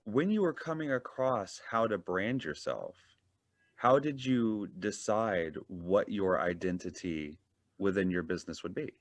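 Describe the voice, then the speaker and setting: A man hosting a podcast, asking his guest measured questions. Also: fairly low pitch, lively intonation, no echo. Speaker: podcast host. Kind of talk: interview questions.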